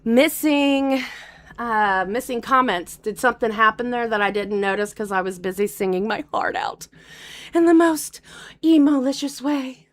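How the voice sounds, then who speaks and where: A middle-aged woman hosting a casual livestream chat, laughing often and slipping into mock-gloomy deadpan asides. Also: a little high, normal speed. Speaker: livestream host.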